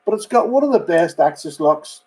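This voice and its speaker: A man's voice: fairly high pitch, animated, a little fast, darkish tone, rough recording. A man hosting a casual live stream, rambling chattily and greeting viewers by name. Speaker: host.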